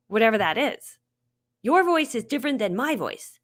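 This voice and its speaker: Fast-talking, excitable woman marketing trainer. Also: on the high side. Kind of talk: live webinar training.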